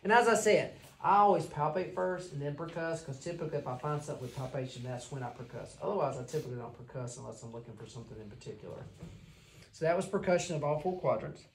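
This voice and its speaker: A woman's voice: very deep voice, lively intonation, fast talker, a little mellow, slight background noise. Woman teaching an exam hands-on. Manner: explains while demonstrating, checks in with the class. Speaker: clinical instructor.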